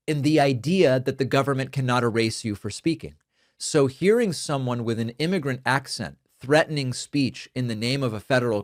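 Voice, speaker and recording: A man's voice: mid-range voice, no echo, clean studio sound. A man hosting a political commentary show, speaking emphatically and argumentatively, whose first language is Spanish.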